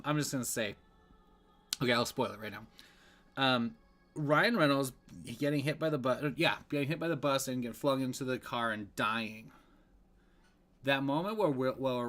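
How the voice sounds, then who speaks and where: A man's voice: mid-range voice, a bit bright. A man giving a casual, rambling movie review, full of fillers and restarts.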